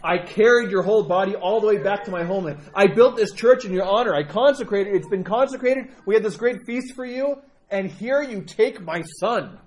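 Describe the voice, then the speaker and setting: A man's voice: high-pitched, a little fast, darkish tone, pitched above the performer's own voice, close to an everyday voice. A grieving mother lamenting, as a man puts her on. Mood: grieving reproach.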